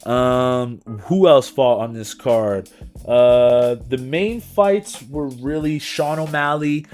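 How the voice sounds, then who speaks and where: A man's voice: mid-range voice, takes it slowly, darkish tone, soft background music. A young man co-hosting a podcast, recapping fights in casual, slangy chat and adding his own punch sound effects. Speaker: podcast co-host.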